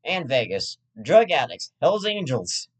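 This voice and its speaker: A man's voice: fairly high pitch, sing-song, unhurried. A man hosting his own web show, delivering a rambling comedic rant full of swearing and restarts. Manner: profane, rambling, with frequent restarts.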